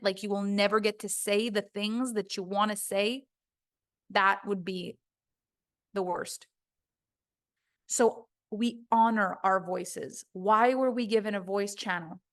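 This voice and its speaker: A woman's voice: mid-range voice, fairly bright tone. A woman voice coach giving a recorded course lesson, talking emphatically and acting out quoted voices.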